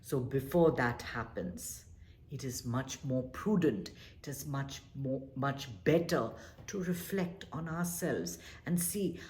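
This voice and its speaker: A woman with a low voice leads a meditation class, her delivery swinging widely as she coaxes listeners toward calm. She talks earnestly and slips into little acted-out quotes. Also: takes it slowly. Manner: earnest, gently coaxing, acts out little quoted exchanges. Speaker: meditation teacher.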